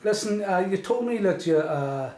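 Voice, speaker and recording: Male interviewer, somewhat high voice, short prompts, echoey room. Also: lively intonation, normal speed, dark tone. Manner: brief encouraging prompts. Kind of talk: interview questions. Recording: echoey room, distant mic.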